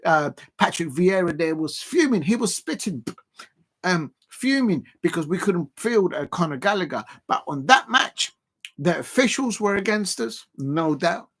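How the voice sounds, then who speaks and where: A South London man with a high-sitting voice hosts a casual watch-along livestream as a football fan, speaking unhurriedly. He's excitable and rambling, full of fillers, and keeps repeating phrases in his rant.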